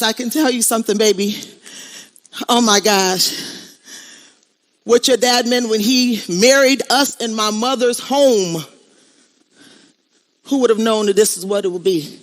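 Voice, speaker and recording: A woman's voice: fairly high pitch, unhurried, long pauses. A middle-aged woman giving a motivational stage speech, emphatic and preachy, repeating lines and calling out to the crowd. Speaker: motivational speaker. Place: on stage at an event.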